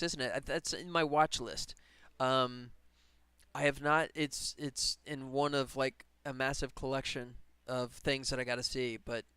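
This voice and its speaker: A man's voice: mid-range voice, a bit bright, clear, resonant tone, no echo. A man game developer chatting casually on a live stream while he works, rambling and laughing often. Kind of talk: casual livestream chat while working.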